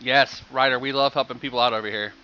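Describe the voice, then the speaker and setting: A man's voice: mid-range voice, fairly even intonation, quick pace, pushed and bright, smooth, highs cut off. A man streaming a game live, chatting casually with viewers, explaining prices and thanking them for gifts.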